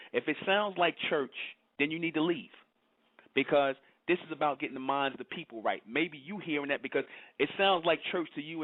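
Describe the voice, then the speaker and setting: A man's voice: mid-range voice, no room sound. A man hosting his own channel, delivering a scolding monologue in reply to chat comments, firing rhetorical questions and repeating himself. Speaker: channel host. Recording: tinny phone-like audio.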